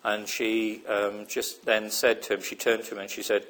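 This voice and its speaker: A man's voice: on the low side, little pitch movement, moderate pace, few pauses, fairly bright tone. A man giving a lecture in a reflective, hesitant way, often asking his listeners whether they follow. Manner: reflective, checks understanding with repeated questions; hesitant, many fillers and restarts. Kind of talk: recorded lecture.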